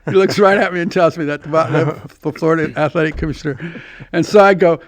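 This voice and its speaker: A man's voice: a little high, fast talker. A man telling a long story in casual chat, rambling and restarting as he acts out both sides of a conversation.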